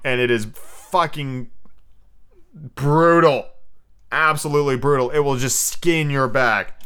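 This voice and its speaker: A man's voice: on the high side, pushed and bright, smooth. A man hosting a podcast, chatting casually with frequent exclamations and swearing. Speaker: podcast host. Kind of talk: casual chat and book reading.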